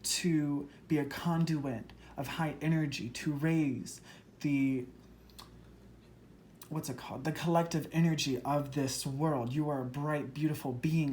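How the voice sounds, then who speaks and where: This is a tarot reader and medium talking straight to viewers, earnest and emotional, gushing over every card. The pitch sits in the middle range, and the delivery races forward in excited bursts. A faint background hum is present throughout. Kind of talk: spoken tarot reading to viewers.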